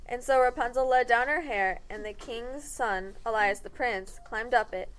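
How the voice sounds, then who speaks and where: Woman, wry comic fairy-tale narrator, slightly high voice, corrects the cast. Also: normal speed, a bit bright, poor audio.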